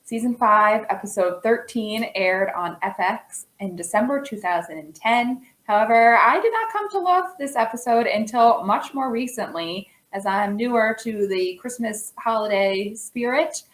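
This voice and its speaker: Relaxed woman co-host, echoey room. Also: a little high, unhurried, hardly any pauses. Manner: relaxed, conversational, some fillers. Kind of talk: casual TV recommendation chat.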